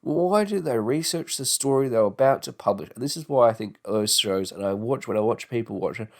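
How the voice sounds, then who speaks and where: A man's voice: mid-range voice, animated, fairly quick. A young Australian man in his twenties hosting a solo podcast, rambling and swearing freely as he talks. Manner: rambling, swears freely, mocking put-on voices. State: sore tongue and jaw. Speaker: podcast host. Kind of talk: casual podcast monologue.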